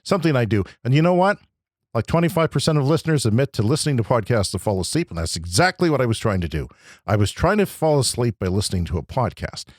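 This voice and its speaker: A man hosting a podcast, delivering an agitated, profane comedic rant that swings between loud outbursts and low muttering. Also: very animated, quick pace, dry recording, clean studio sound. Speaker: podcast host. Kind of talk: ranting comedic monologue.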